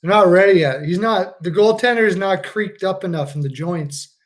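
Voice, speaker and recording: Laughing, high-voiced man reacting live. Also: moderate pace. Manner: laughs a lot, swears, loose and joking. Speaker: live stream host. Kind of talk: casual live game reaction commentary.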